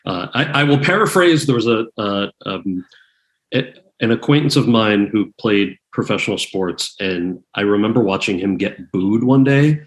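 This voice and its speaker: A man's voice: lowish voice, moderate pace. A man in his forties, guest on an interview podcast, telling stories and acting out quotes in a raised voice. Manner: animated storyteller, acts out quotes in raised voice; many restarts and fillers. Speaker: guest actor and author. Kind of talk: casual interview chat.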